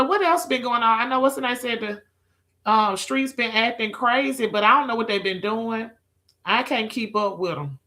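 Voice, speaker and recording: A woman's voice: mid-range voice, bright, forceful tone. A woman chatting with viewers on a live stream, sassy and profane, calling people girl, child and honey. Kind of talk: casual live-stream chat.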